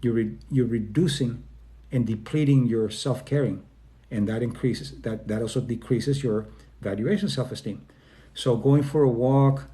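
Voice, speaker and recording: A man from Spain speaking informally about self-esteem, often acting out quoted people in quick voice changes, with plenty of fillers and restarts. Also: medium pitch, mellow. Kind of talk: informal talk to an online audience.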